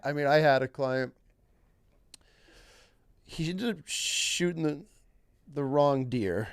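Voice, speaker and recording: A young man, a hunting guide, telling stories in casual podcast chat, acting out clients in higher voices and laughing as he goes. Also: takes it slowly, pauses often, smooth, dry recording, studio quality. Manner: animated, acts out clients in higher voices, laughs mid-story.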